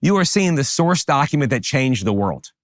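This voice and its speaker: Man, Southern American accent, middle-aged pastor, animated sermon delivery, dry close sound. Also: medium pitch, normal speed, dry recording. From American South, New Orleans area. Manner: animated preaching with emphatic rises.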